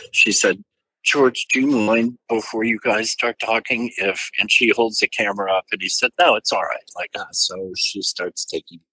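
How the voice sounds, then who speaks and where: An older man from St. Louis telling an animated story as a guest in an interview. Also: on the low side, dry recording, rough recording. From St. Louis, USA. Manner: animated anecdote-telling with quoted voices. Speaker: musician guest.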